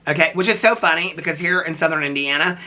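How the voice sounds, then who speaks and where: A man's voice: fairly high pitch, fast, bright, forceful tone. A man giving casual, gossipy commentary on reality TV, chatty and sassy, who keeps checking in with "okay?".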